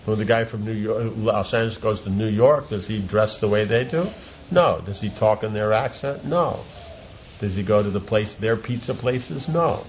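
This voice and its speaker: A man's voice: fairly low pitch, normal speed, a little hiss or hum. A man giving an informal religious talk as a teacher, rambling, repeating words and asking rhetorical questions. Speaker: spiritual teacher.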